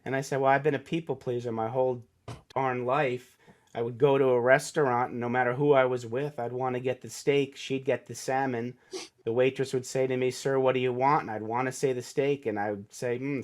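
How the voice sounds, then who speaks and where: A man's voice: medium pitch, steady tone, fairly quick. A middle-aged man, a podcast guest and author, telling a personal story in a casual, earnest and emotional way, acting out the voices of people he quotes.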